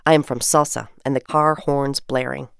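Low-voiced woman radio co-host. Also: fairly even intonation, normal speed, vocal fry, clean tone, no room sound, studio quality. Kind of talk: radio chat and poetry reading.

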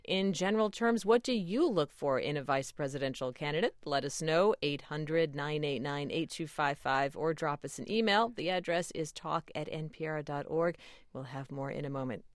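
A woman hosting a radio call-in show, brisk and friendly as she moves through callers. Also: low voice, no echo, clean studio sound.

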